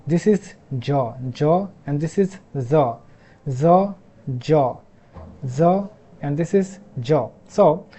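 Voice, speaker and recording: A man from Bangladesh with a Bangladeshi accent, a Bangla speaker teaching English pronunciation in a halting way, repeating each sound many times. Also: a little high, lively intonation, warm tone. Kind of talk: explanatory lesson.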